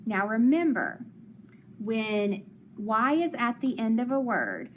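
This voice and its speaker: A woman's voice: fairly high pitch, very animated, takes it slowly, a little hiss or hum. A woman teacher leading a phonics lesson for young children, patient and encouraging, asking questions and praising answers.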